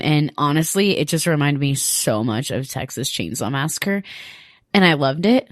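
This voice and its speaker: A woman's voice: low voice, lively intonation, normal speed, no room sound, clean studio sound. A woman co-hosting a movie review podcast, chatty and earnest, with lots of filler words. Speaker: podcast co-host. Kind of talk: casual movie review chat.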